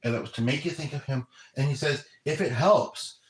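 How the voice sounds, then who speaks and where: Earnest, rambling man, medium-pitched, off-mic in an echoey home room with faint background noise. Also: fairly even intonation, quick pace. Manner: rambling, self-interrupting, earnest. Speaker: spiritual medium relaying messages. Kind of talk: casual livestream chat. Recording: roomy echo, distant from mic, faint noise.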